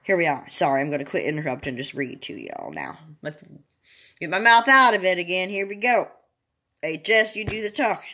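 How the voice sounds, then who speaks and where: Woman, bright voice, dramatic scripture reading, chatty asides. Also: lowish voice, sing-song. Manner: sing-song, drawn-out dramatic reading. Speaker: Bible reader.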